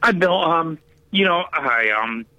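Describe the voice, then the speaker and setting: A man calling in to a radio show, talking in a hesitant, halting, emotional way. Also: a little high, expressive, bright, forceful tone, no echo. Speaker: caller. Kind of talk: phone-in call. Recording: tinny dry phone line.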